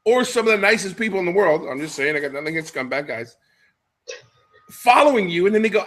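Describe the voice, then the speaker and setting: This middle-aged podcast host talks fast and animatedly, his voice sitting high with a slightly bright tone. His chat is casual and full of jokes, wandering off on one tangent after another.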